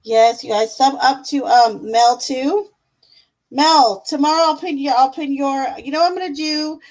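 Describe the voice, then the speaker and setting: A woman's voice: high-pitched, normal speed, darkish tone, low-quality recording. Chatty, affectionate woman tarot streamer. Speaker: tarot reader and live-stream host. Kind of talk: casual live-stream chat with tarot reading.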